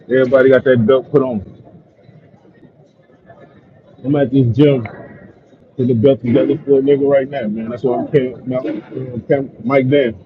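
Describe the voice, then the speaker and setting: A man calling in from a gym, talking loudly and emphatically in casual chat. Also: medium pitch, steady tone, moderate pace, long pauses, phone-quality sound, a little hiss or hum.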